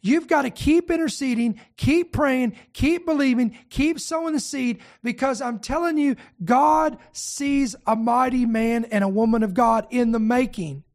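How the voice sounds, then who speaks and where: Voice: high voice, a little slow, hardly any pauses, a little mellow. A preacher delivering a fervent broadcast sermon, exhorting listeners with short repeated rallying phrases. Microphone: camera broadcast.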